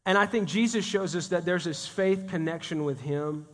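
A man with a high, light voice preaches a casual, lively sermon, calling out to the people in front of him. His words ring with the long reverb of a large church hall. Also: normal speed, hardly any pauses. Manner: animated, talks directly to the congregation. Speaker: guest pastor. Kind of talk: conversational sermon. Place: church sanctuary.

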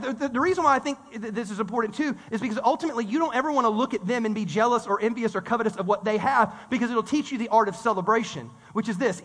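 High, bright-voiced pastor preaching in a hall. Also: male voice. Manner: animated, conversational preaching with audience call-and-response. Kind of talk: sermon. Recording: reverberant hall sound.

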